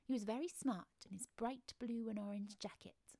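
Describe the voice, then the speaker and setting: Hushed gravelly woman telling a story. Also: fairly high pitch, fairly even intonation, normal speed, no room sound. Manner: gentle, hushed, speaks to the listener. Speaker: storyteller and guide. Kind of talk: storytelling for a walk, often whispered.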